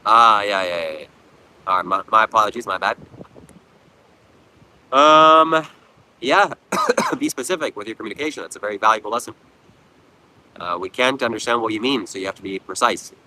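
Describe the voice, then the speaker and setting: A man's voice: on the low side, normal speed, pauses often, bright, forceful tone, rough recording. A man hosting a live stream, reading viewer comments aloud and answering them with blunt, preachy, mocking lectures. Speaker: livestream host. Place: outdoors at a beach.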